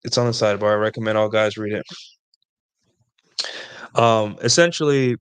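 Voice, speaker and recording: A man's voice: fairly low pitch, moderate pace, clean tone, no room sound. Man rambling through casual advice. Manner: rambling, repeats points with "right?" and "like". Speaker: host answering viewer questions.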